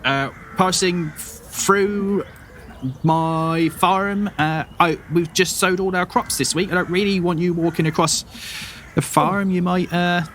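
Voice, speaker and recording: A man's voice: high-pitched, fairly even intonation, slow, fairly bright tone, slight background noise, voice pushed up. Man putting on a fussy halfling farm mum. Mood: wary. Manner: flustered and scolding. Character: fussy halfling farm woman, protective mother.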